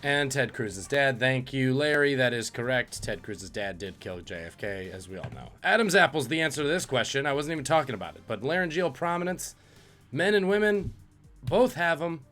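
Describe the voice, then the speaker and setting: A man hosts a live-streamed trivia quiz, mixing questions with dry jokes about the viewers' guesses. His voice sits at a middle pitch. Soft music plays faintly behind him. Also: expressive, normal speed. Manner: jokey, reads out questions and chat guesses. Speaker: trivia host.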